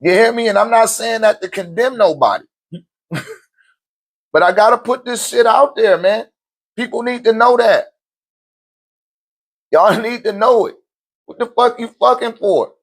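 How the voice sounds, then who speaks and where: A man with a notably high voice delivers an unscripted sermon-like monologue. He talks bluntly, swears freely and breaks into short laughs as he drives each point home to his viewers. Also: unhurried, long pauses. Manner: addresses listeners directly with slang. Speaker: host of a spiritual talk channel.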